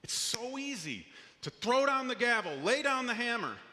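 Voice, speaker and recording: A male pastor delivers a sermon in an earnest, conversational way, sometimes restarting a phrase. His voice sits high and rings bright. The sound carries the long reverb of a church hall. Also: sing-song, normal speed.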